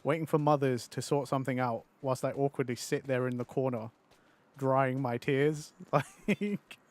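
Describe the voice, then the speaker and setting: A man in his thirties chatting loosely while he streams a game. He rambles and mocks himself, swears freely and laughs a lot. His pitch sits in an ordinary middle range. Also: little pitch movement, normal speed, a little mellow. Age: 30s. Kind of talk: casual live-stream chat.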